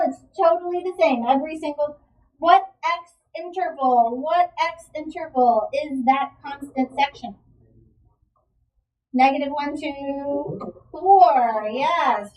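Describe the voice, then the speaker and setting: A woman's voice: sits high, a little slow, distant mic, highs cut off. A woman teaching a math lesson, asking the class questions and encouraging the students' answers. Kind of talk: classroom lecture.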